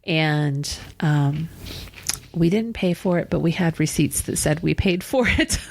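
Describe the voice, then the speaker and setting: A woman's voice: low-pitched, a little slow, gravelly. A woman co-hosting a podcast in casual chat, rambling through stories, laughing often and swearing casually. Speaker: podcast co-host.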